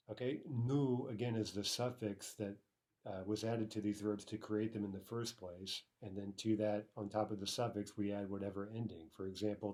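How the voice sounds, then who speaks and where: Mellow-voiced man teaching a grammar lesson. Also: on the low side. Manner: explanatory, frequent "right?" and "okay"; slows to spell out Russian word forms. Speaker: language teacher.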